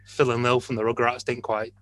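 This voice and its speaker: A man's voice: mid-range voice, flat delivery, brisk, a bit bright, no room sound. Jokey man hosting a podcast. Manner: jokey, teasing. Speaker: podcast host. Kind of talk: casual chat.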